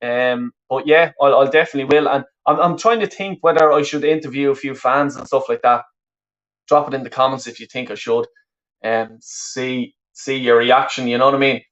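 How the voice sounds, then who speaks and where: A Dublin-accented man rambles through a live football watch-along, swearing easily and restarting his sentences. His voice sits at an ordinary middle pitch, and the recording sounds dull and lo-fi. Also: fairly even intonation, moderate pace, fairly bright tone. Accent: Dublin Irish. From west of Ireland.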